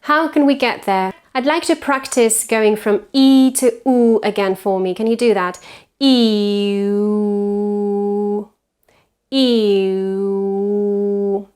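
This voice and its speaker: A woman whose first language is Spanish teaches English pronunciation, modelling each vowel slowly and repeating sounds to contrast them. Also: a little high. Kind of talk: pronunciation lesson.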